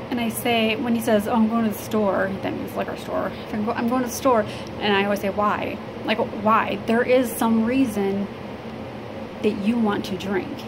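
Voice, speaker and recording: A woman from Illinois talks to the camera in a personal vlog, halting and rambling with many fillers. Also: mid-range voice. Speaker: vlogger. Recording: steady background noise.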